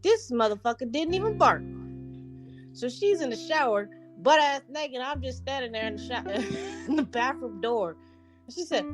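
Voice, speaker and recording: A woman's voice: high-pitched, animated, normal speed, music in the background. A woman co-hosting a podcast in casual chat, blunt and profane, laughing often. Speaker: podcast co-host.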